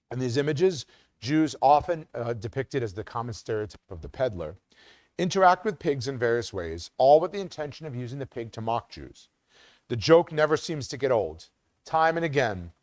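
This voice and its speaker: Animated man giving an academic lecture. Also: medium pitch, no echo. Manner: reads quotes with sing-song emphasis, some restarts and ums.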